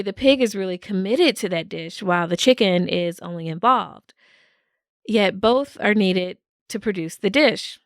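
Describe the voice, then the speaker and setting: A woman's voice: mid-range voice, clean tone, dry recording, clean studio sound. A woman hosting a solo podcast, talking in an upbeat way and laughing often. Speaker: podcast host.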